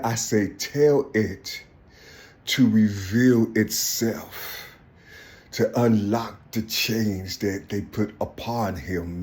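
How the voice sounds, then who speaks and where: Impassioned man preaching, shouting then muttering. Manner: repetitive, swings from high shouting to low muttering. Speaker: self-styled preacher. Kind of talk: impassioned spiritual monologue.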